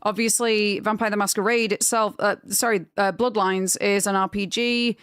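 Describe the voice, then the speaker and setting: A young woman chatting casually on a live stream, rambling and gushing when excited. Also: mid-range voice, moderate pace, smooth, no room sound, clean studio sound.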